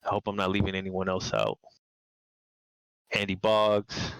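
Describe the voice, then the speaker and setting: A man's voice: low-pitched, big pitch swings, a little slow, gravelly, fairly bright tone, clean tone, no room sound, low-quality recording. A man, a game designer as the guest in a casual interview, rambling, repeating words and laughing often. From New York City.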